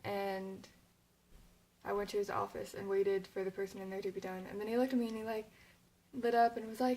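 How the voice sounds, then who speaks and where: A woman's voice: on the high side, completely flat delivery, fairly quick, a little mellow, rough recording. A young woman talking casually to her camera, rambling, with lots of "like" and fillers, and sounding a little emotional. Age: young adult. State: emotional, near tears. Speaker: vlogger.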